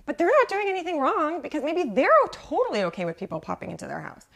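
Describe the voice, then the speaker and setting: A woman with a high, creaky voice and wildly swooping pitch speaks quickly while hosting a live coaching talk for moms as a life coach. She's chatty, calls out viewers by name, and constantly uses "right?" and "like".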